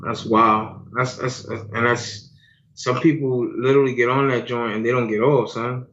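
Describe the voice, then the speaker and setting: A podcast co-host chats casually in slang, calling the listener "son" and "B." His medium-pitched voice is steady and a bit bright, at a normal speed. The recording sounds dull and lo-fi.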